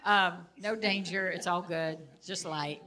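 An older woman teaching in a casual way, telling personal stories in an animated manner and laughing often. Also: fairly low pitch, unhurried.

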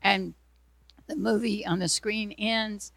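A woman's voice: mid-range voice, fairly even intonation, slow pace, vocal fry, fairly bright tone, no echo. A woman telling an emotional personal testimony in an earnest way, acting out the dialogue as she goes.

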